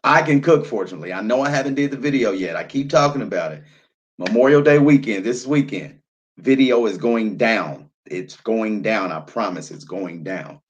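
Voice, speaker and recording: A man's voice: fairly low pitch, lively intonation, moderate pace, lo-fi sound. A man in his thirties hosting a live stream, chatting loosely over wine and reading out viewer comments, often repeating himself and trailing off with fillers. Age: 30s. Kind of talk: casual chat while drinking wine.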